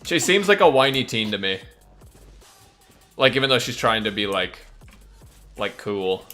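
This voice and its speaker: Male streamer, casual rambling gaming chat, crisp bright tone, candid opinions. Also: fairly low pitch, very animated, measured pace, faint music behind.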